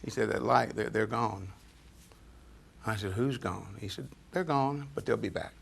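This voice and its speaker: A man's voice: on the low side, unhurried, vocal fry, background noise. An older man telling stories to a small audience in a folksy, chatty way, chuckling often. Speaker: storyteller speaking to an audience. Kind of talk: anecdotal storytelling to a live audience.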